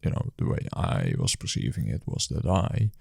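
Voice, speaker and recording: Low, gravelly man telling a rambling story. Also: wildly swooping pitch, normal speed, a little mellow, no echo, clean studio sound. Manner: rambling and hesitant, many fillers and restarts. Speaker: food delivery rider. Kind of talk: casual storytelling monologue.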